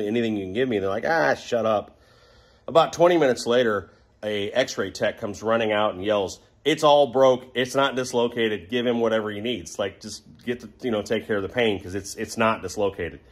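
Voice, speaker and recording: A middle-aged man casually telling a rambling, self-mocking story about a motorcycle crash, perking up when he quotes other people. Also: fairly low pitch. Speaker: motorcycle vlogger.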